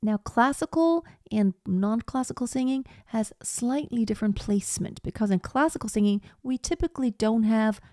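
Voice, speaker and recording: A woman teaching a live online singing lesson, explaining slowly and breaking off to sing short phrases as demonstrations. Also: fairly high pitch, mellow, dry recording, clean studio sound.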